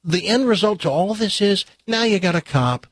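A man's voice: high voice, normal speed, breathy edge, no echo, studio quality. A man hosting a talk radio show, telling stories and a joke while acting out the voices. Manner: animated storyteller, acts out the joke's voices.

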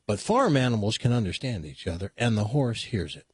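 Man, radio talk host, husky voice, dry close sound, chatty joke-telling. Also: on the low side, sing-song, brisk, no room sound. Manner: chatty, stammering restarts, laughs at own punchlines.

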